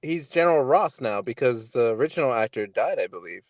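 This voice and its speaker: A man's voice: mid-range voice, animated, fairly quick, no echo. A man co-hosting a movie podcast, chatting in a bemused way. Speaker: podcast co-host. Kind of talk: casual movie review chat.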